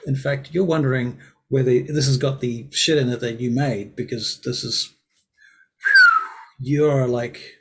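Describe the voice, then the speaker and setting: A man's voice: mid-range voice, steady tone, a little slow, rough recording. A man running a tabletop role-playing game as game master, rambling casually and swearing freely.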